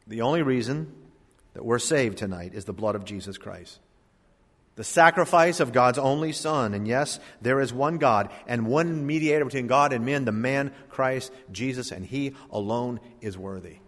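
A man preaching a sermon in a church, building his points with rising emphasis and dramatic pauses. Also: mid-range voice, a bit bright. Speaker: pastor. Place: church sanctuary. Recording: long hall reverb.

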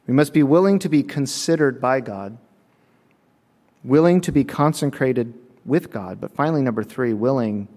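Preacher in a big echoing hall. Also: male voice, medium pitch. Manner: storytelling, animated, emphatic. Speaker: pastor. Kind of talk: sermon with personal story.

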